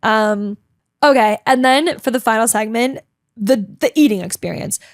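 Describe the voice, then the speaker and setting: A chatty, dramatic young woman telling a casual vlog story, full of "like" and quick asides. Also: a little high, dry recording, studio quality. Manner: chatty and bubbly, heavy use of "like", dramatic; talks a lot, emotional. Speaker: vlogger.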